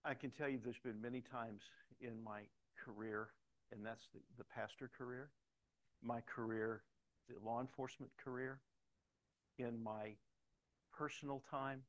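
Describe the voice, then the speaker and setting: A man's voice: mid-range voice, rough recording. A middle-aged man preaching a sermon, telling personal stories in a conversational way and growing emphatic at times. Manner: conversational storytelling, emphatic at points. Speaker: pastor.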